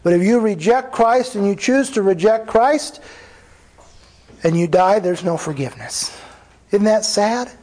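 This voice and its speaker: A man's voice: sits high, animated, unhurried, a little mellow, low-quality recording. A man, a pastor, preaching a sermon in an earnest, conversational way, often restarting phrases and acting out quoted dialogue.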